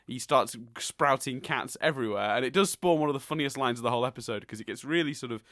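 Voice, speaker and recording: A man's voice: mid-range voice, fast talker, a bit bright, no echo, studio quality. A man hosting a casual podcast, recapping a cartoon episode in a chatty way and laughing often. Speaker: podcast host.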